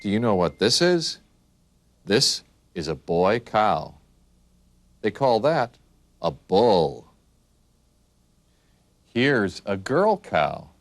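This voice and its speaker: A man teaching young children the names of animals in a slow, sing-song way, making the animal sounds. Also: on the low side, sing-song, no room sound. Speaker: children's video narrator.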